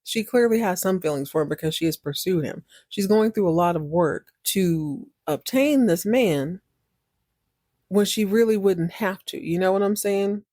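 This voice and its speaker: A woman hosting a podcast, recapping a TV episode in a chatty, animated way and acting out the characters. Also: medium pitch, moderate pace, no room sound, clean studio sound. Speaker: podcast host.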